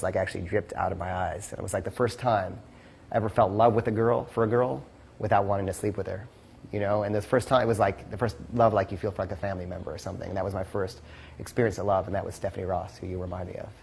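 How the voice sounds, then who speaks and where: A man's voice: on the low side, steady tone, fast, vocal fry, a little mellow, slight background noise. A man teaching a casual seminar as a dating coach, rambling with lots of "like" and "you know" and the odd curse.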